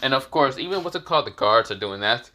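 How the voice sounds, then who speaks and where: Young male storyteller, casual and rambling, bright tone. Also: medium pitch, lively intonation, fast. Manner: rambling, with many fillers. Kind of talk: casual fan story narration.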